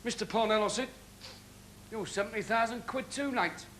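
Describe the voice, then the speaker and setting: A man's voice: high-pitched, normal speed, very noisy, natural voice. A man impersonating a brash, cheeky old music-hall comedian, trading patter and singing snatches of songs. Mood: storytelling.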